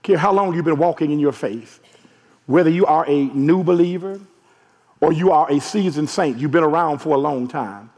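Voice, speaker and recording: Man, pastor, hoarse, fairly high voice, husky, sermon, long church reverb. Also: moderate pace. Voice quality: gravelly, husky. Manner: preaching with calls to the congregation, building to shouts. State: hoarse from allergies. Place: large church sanctuary. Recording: long echo of a large church hall.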